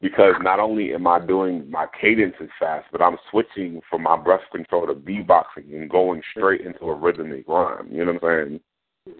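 A man's voice: deep voice, steady tone, moderate pace, husky. A man hosting a radio show, chatting casually about poetry and often asking "you know what I'm saying". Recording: phone-like radio audio.

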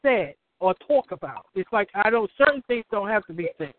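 A woman's voice: medium pitch, sing-song, moderate pace, noisy background. A woman hosting a call-in show, giving casual advice, often restarting and acting out little dialogues. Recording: tinny phone line.

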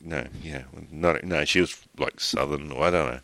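A middle-aged Australian man with a remarkably deep, low voice hosts a casual podcast. He wanders through his story with false starts and the odd swear word. The sound is dry, with no room echo. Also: sharp tone. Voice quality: rambling, talks in halting restarts, swears casually. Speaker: podcast host.

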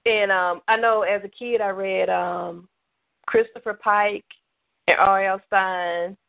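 A woman's voice: medium pitch, fairly even intonation, takes it slowly, gravelly, no echo. Woman, southern US, radio interview guest, rambling, filler-heavy, phone-line sound. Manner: rambling, many fillers and restarts. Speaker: author guest. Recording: tinny phone line, dry.

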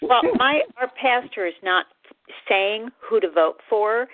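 A woman's voice: a little high, unhurried. A woman chatting earnestly on a talk radio show, agreeing readily with the host. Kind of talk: casual talk-radio chat. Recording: tinny phone line.

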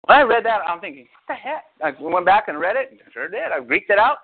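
Animated man preaching over a tinny line. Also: high-pitched, quick pace, breathy edge. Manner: animated, quotes scripture in excited raised voice, asks listeners questions. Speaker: pastor. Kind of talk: casual sermon.

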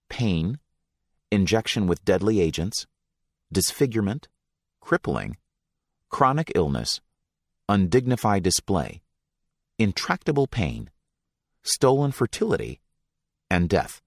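A man reading passages from a book aloud in a measured, deliberate way, giving weight to titles and names. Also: low-pitched, no room sound, clean studio sound.

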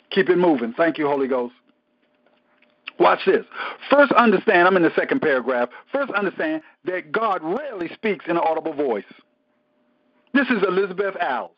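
A man with a notably high voice preaches through a Bible study, talking plainly and colloquially to his listeners. He hammers points by repeating them and drops in bursts of praise along the way. The recording sounds dull and lo-fi. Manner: emphatic, repeats phrases, interjects praise; casual colloquial speech. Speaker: pastor teaching Bible study. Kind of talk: conversational sermon teaching.

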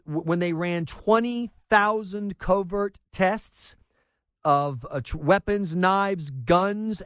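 Sarcastic, high-pitched talk radio host. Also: male voice, dry recording. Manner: sarcastic, exasperated ranting.

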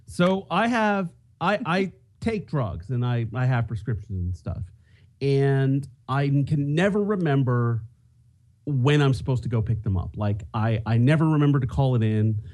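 A man's voice: medium pitch, animated, unhurried, a little mellow. A man co-hosting a podcast, telling a rambling story in casual chat with many restarts. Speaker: podcast co-host.

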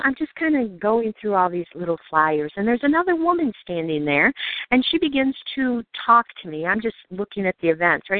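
A woman giving an earnest, measured evening sermon, telling personal stories and slowing down to read scripture. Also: medium pitch, dry recording. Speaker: preacher. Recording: dry, phone-like narrow sound.

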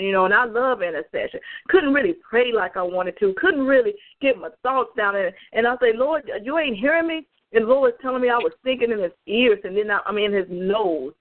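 A woman evangelist giving an emphatic, fervent spoken testimony on a prayer call, speaking straight to her listeners over the phone. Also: medium pitch. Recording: tinny phone line.

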